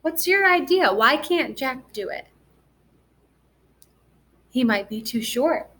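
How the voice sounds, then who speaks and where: A high-pitched, expressive woman leads a first grade reading lesson on a recording, taking things slowly. She speaks softly and encourages the children with questions.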